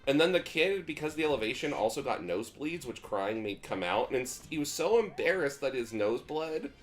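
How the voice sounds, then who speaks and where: Young guy rambling thru a story, voice bouncing all over, mid pitch. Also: brisk, faint music behind. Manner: animated, rambling, acts out quotes. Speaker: podcast co-host. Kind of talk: casual storytelling while gaming.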